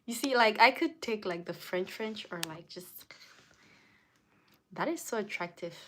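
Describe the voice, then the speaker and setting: A woman's voice: mid-range voice, expressive, unhurried, pauses often, fairly bright tone. Chatty young woman hosting a livestream. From Africa. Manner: chatty, reads viewer comments aloud, frequent "like". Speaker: livestream host. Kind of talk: casual livestream chat reading comments.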